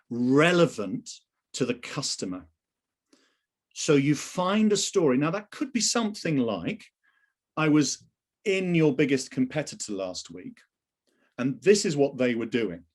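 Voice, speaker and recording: A middle-aged man talks on a video call, leading a sales training webinar. His pitch rises and falls in a lively way as he poses questions to the listeners and answers them himself, staying chatty throughout. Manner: animated, conversational, asks the audience questions. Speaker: webinar presenter and sales coach. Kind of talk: live webinar presentation.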